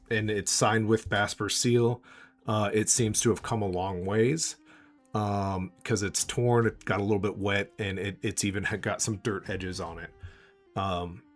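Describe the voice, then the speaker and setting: Male game master, low voice, easygoing halting narration. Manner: relaxed, halting, many fillers.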